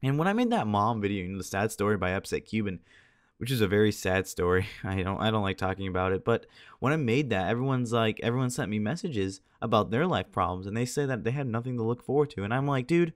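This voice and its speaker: A man's voice: lowish voice, animated, quick pace, no room sound, studio quality. A teenage boy chatting casually over gameplay as a video commentator, tired and a little scratchy-voiced, rambling along and laughing at himself. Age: teens.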